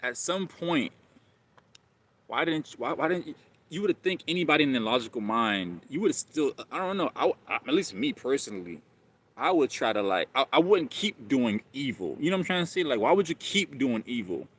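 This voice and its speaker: A man's voice: medium pitch, very animated, a little fast, fairly bright tone, husky. A man hosting a live stream, talking casually and rambling, often repeating himself and calling listeners bro.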